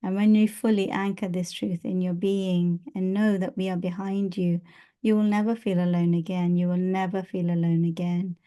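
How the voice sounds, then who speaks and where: A woman channeling a loving, protective male archangel, speaking in slow, repetitive blessings. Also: lowish voice, level tone, warm tone, clear, resonant tone, close to an everyday voice. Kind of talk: spiritual channeling.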